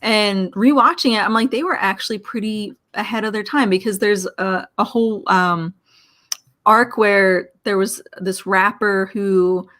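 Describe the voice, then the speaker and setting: A chatty woman from Philadelphia swaps stories as a guest, her voice sitting at an ordinary middle pitch. She acts out the other people in her anecdotes as she tells them, and she talks loosely with plenty of filler. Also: a little slow. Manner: chatty, animated anecdotes with quoted dialogue. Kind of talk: casual storytelling chat.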